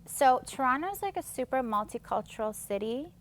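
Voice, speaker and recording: A bubbly woman in her thirties from Canada, talking as a podcast guest. Her voice sits a bit high. She laughs easily and fills her sentences with "like". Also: lively intonation, moderate pace, a little hiss or hum. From Vancouver, Canada. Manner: bubbly, laughs often, lots of "like". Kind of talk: casual interview chat.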